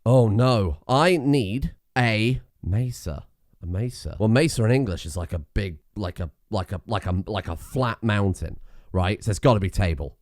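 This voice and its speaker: A man's voice: lowish voice, animated, moderate pace, faint music behind. A man hosting a let's play, rambling and self-mocking with plenty of swearing. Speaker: gaming channel host.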